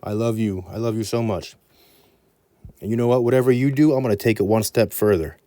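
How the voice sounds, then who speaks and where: A man voicing an amino acid as a devoted, clingy lover, gushing with affection in a low, mellow voice. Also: brisk, close to an everyday voice. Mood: doting.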